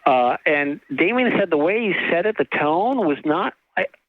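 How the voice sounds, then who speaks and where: A middle-aged man from California, an author telling a long story in an interview, halting with many restarts and fillers, laughing now and then. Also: on the high side, animated, no room sound. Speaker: author and guest. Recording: tinny phone-like line.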